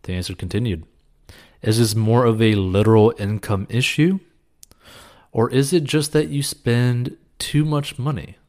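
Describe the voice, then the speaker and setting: A man's voice: medium pitch, fairly even intonation, unhurried, a little mellow. A man answering a viewer's question with casual, earnest money advice, encouraging and peppered with "like" and "you know.". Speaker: personal finance advice host.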